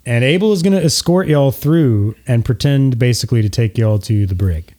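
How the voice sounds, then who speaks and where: Male game master, warm dark voice, easygoing narration. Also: medium pitch, moderate pace. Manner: relaxed, with frequent filler words.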